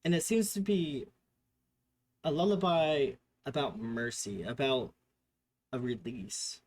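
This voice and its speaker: Slow-talking male game master. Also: mid-range voice, a little mellow, a little hiss or hum. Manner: improvised description with fillers and self-corrections. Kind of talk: narrating a tabletop game.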